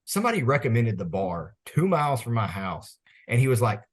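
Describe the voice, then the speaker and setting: A man's voice: on the low side, sing-song, brisk, hardly any pauses, breathy edge. A man, co-hosting a podcast in casual chat, laid-back and telling stories with frequent laughs. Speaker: podcast co-host.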